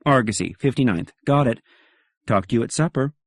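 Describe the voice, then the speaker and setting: A man reading an audiobook, voicing a sharp, probing wife who is a psychiatrist, with clipped, suspicious questions. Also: medium pitch, expressive, a little fast, breathy edge, no room sound, clean studio sound, voice pushed up. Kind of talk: audiobook character voice.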